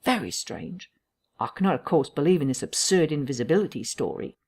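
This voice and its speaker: A woman's voice: low voice, animated, a little fast, gravelly, a little mellow, breathy edge, heavily acted. A woman playing a pompous hedging vicar. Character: pompous, evasive male village vicar.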